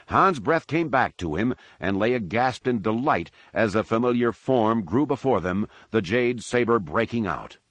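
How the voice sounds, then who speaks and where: A man giving a measured, dramatic audiobook narration of an action story. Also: lowish voice, lively intonation, a bit bright, no echo. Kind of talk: scripted narration.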